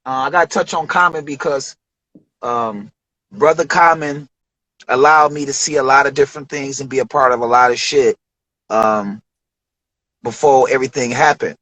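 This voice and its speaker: A rapper from Detroit, guesting on a casual interview, tells studio stories in a medium-pitched voice at a moderate pace, pausing often. He's an animated storyteller who acts out the voices of the people he quotes and swears freely in profane slang. The recording is low quality.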